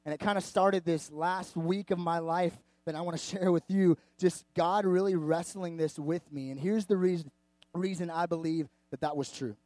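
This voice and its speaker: A man's voice: on the high side, normal speed, dry recording. A man who is a pastor, giving a sermon in a candid, chatty storytelling manner, full of asides and "like". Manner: animated, candid, chatty with frequent "like". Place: church service before a live audience.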